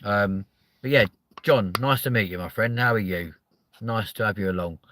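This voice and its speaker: A man's voice: lowish voice, moderate pace, no room sound. A man hosting a comedic chat show, ranting and swearing constantly as he reacts to viewer comments. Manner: loud exasperated outbursts. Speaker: host.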